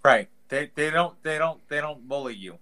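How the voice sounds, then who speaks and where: A man's voice: on the high side, animated, normal speed, pushed and bright. A man co-hosting a podcast, talking casually with lots of "like" and playing up mock quotes. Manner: rambling, heavy use of "like", exaggerated mock quotes. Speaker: podcast co-host. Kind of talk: casual chat.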